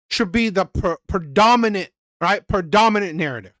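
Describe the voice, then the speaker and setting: A man's voice: high voice, big pitch swings, moderate pace, hardly any pauses, a bit bright, dry recording, clean studio sound. A man hosting a reaction channel, talking casually in a rambling way, repeating words and asking "right?" often.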